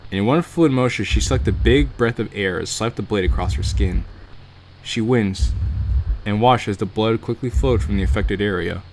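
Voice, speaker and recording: Man, game streamer, low-pitched, casual read-through, joking asides. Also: normal speed, a little mellow, slight background noise. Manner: reads narration aloud and breaks off for joking asides. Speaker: streamer reading a game aloud.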